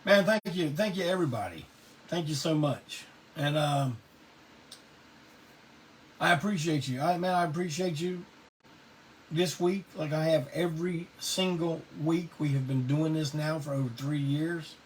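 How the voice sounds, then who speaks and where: A middle-aged man, hosting a live online show and telling stories casually, salty and quick to laugh. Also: on the high side. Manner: laid-back Southern drawl, salty, laughs often. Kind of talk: casual storytelling to a live audience. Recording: distant mic with faint background noise.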